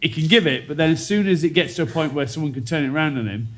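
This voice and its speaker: A man's voice: fairly high pitch, animated, rapid-fire. A man in his forties, a former rugby player on a panel, telling anecdotes in casual chat and laughing often. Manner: storytelling, laughing often, imitating teammates.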